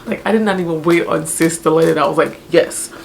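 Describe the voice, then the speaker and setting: A young woman telling a personal story in a casual, animated, chatty way, with many fillers. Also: deep voice, fast, vocal fry, slight background noise. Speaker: vlogger telling her birth story.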